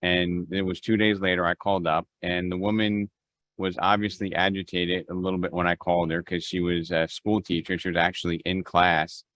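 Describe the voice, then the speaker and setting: Deep-voiced man leading a video call. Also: level tone, a little fast, fairly bright tone. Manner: conversational, with restarts and quoted phone dialogue. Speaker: real estate team leader.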